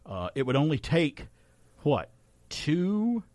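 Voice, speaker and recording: A man hosting a radio show, chatting casually through trivia numbers in an animated way and laughing often. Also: fairly high pitch, slow, dry recording. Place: radio studio. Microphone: studio microphone.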